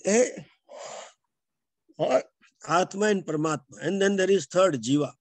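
Slow older Indian man teaching scripture. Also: high-pitched, dry recording. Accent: Indian English. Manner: slow, repeating Sanskrit verses line by line. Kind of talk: scriptural lecture with Sanskrit chanting.

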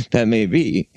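Low-ish guy rambling on a podcast, dry mic, lots of uhs and restarts. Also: warm tone, no echo. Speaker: podcast co-host. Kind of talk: casual chat.

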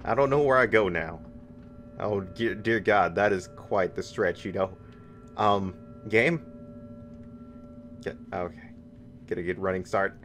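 A young man giving jokey horror game commentary, taunting the game and bursting into high yells. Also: measured pace, long pauses, soft background music. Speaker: gaming streamer.

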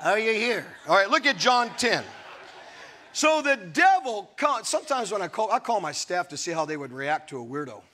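Animated high-voiced preacher man. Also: normal speed, slight background noise. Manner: animated storytelling preacher, laughs and calls to the crowd. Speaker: pastor. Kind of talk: sermon.

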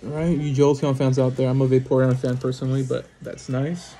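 A man who hosts a card-opening channel talks casually at a small table at home while tearing into packs. He lists card names in rapid succession, punctuated by brief bursts of excitement, in a typical mid-range male voice.

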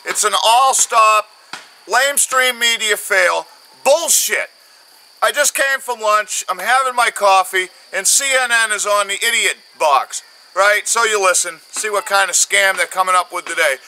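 Man, angry profane vlog rant, bright edgy tone, high register. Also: moderate pace, slight background noise, poor audio. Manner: angry, profane, shouting at times. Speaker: vlogger. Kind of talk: ranting commentary.

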